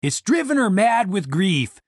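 A man's voice: high voice, very animated, a little slow, no room sound, clean studio sound, pitched above the performer's own voice, exaggerated voice. Man voicing earnest polite paladin, slightly raised voice, courteous, storybook reading.

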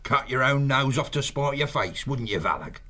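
A man's voice: medium pitch, expressive, moderate pace. An actor playing a clever, sarcastic male woodland creature who mocks his partner. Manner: sarcastic, sharp. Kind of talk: audiobook character voice.

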